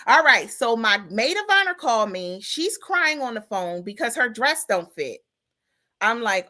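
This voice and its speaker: A woman hosting a casual chat show, telling her story in an animated way and calling out to her listeners. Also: a little high, moderate pace. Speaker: podcast host.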